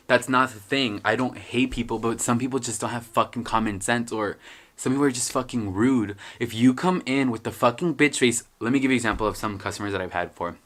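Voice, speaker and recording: A man's voice: mid-range voice, fairly bright tone. A young man telling stories in a casual vlog, rambling, joking and swearing freely. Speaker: vlogger.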